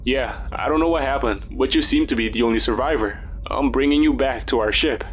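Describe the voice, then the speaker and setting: A man's voice: medium pitch, a little fast. A man voicing a male astronaut who talks in urgent, clipped lines over a space radio. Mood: reassuring. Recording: tinny radio line, faint hiss.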